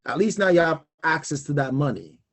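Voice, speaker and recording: A man's voice: a little high, expressive, a little fast. A young man hosting a personal finance talk show, speaking animatedly and emphatically, laughing often and repeating key points. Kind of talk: casual solo talk on money.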